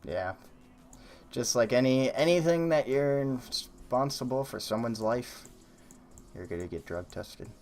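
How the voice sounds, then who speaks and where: Young male streamer, middle pitch, hesitant filler-heavy casual chat. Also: expressive, measured pace, a little mellow, soft background music. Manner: hesitant, lots of fillers and trailing off. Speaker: streamer host.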